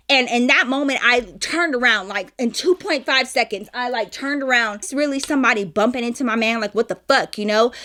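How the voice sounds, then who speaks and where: A young woman telling a club story to her viewers in a chatty, animated way, swearing freely and calling them y'all. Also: high voice. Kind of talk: casual storytime.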